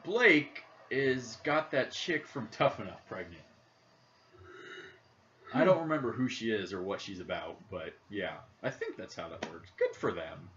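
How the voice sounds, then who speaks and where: A young Midwestern-accented man co-hosting a podcast rambles and jokes while playing a video game, thinking aloud in casual chat. His fairly low, fairly bright voice has lively intonation and an unhurried pace, captured on dull lo-fi audio with faint background noise.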